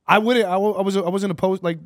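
A man co-host with a somewhat high voice jokes and banters in easy, casual talk. His voice sits close and dry, with no room sound. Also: fairly even intonation, quick pace, dry recording. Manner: joking, playful banter. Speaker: podcast co-host. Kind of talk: casual chat.

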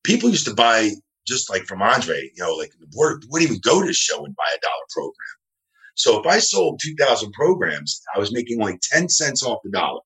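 A middle-aged man from New Jersey, a guest telling animated, rambling stories in a casual interview. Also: medium pitch, a little fast, low-quality recording. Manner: rambling, animated, acts out quoted dialogue.

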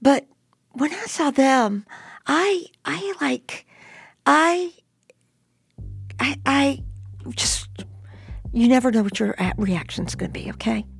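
Animated, gravelly-voiced woman telling a story. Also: sits high, slow pace, pauses often, dry recording, clean studio sound, soft background music. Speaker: storyteller guest. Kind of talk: telling a personal story in an interview.

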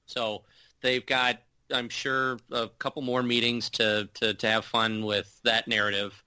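A man talking hockey on a podcast in an easygoing, rambling way, full of restarts and filler words. His voice is bright and forward. The recording is dry and close. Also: mid-range voice, level tone, a little slow, clean tone, no room sound. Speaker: podcast co-host. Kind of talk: casual sports chat.

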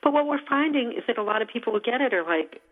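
A woman's voice: fairly high pitch, animated, quick pace. Upbeat woman guest on a phone line. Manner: upbeat, enthusiastic explainer. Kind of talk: casual radio interview.

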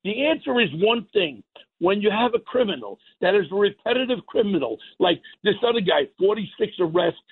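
A man's voice: sits high, expressive, fairly quick, slightly rough. Blunt ranting man on a phone line. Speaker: guest. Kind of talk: heated political talk.

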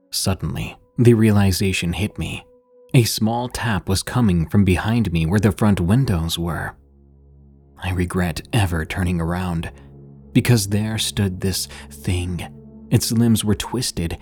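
A man reading horror stories in a measured, grave scripted narration, slowing for dramatic pauses. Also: fairly low pitch, a little mellow.

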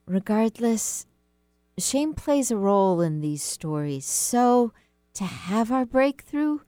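A woman in her fifties hosting a talk radio show as a life coach, giving earnest, gentle advice and acting out inner voices. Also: medium pitch, clean tone, no echo, clean studio sound. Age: 50s.

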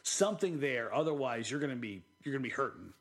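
A man co-hosting a casual sports podcast, talking in an animated, rambling way with quick restarts. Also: medium pitch. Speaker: podcast co-host.

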